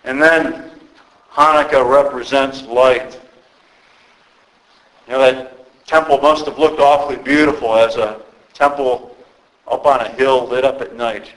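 A man's voice: mid-range voice, steady tone, a bit bright, low-quality recording. Male pastor, earnest and conversational sermon, mid-range voice, stumbles and restarts. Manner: earnest, halting with repeated restarts.

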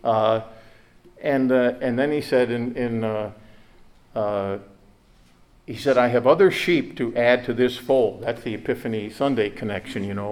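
A man's voice: mid-range voice, a little mellow. A male pastor preaching a sermon in earnest, often repeating words and rising to emphatic peaks.

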